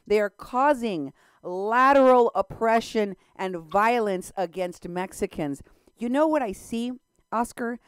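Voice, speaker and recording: A woman's voice: fairly high pitch, measured pace, smooth, no room sound. A woman co-hosting a talk radio interview in a studio, speaking in an impassioned, emphatic way. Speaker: radio show co-host.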